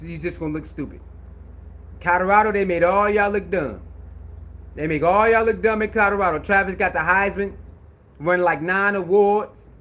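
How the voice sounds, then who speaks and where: A man giving an animated sports rant, loud and laughing, with heavy slang and repetition. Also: sits high. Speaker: sports commentator.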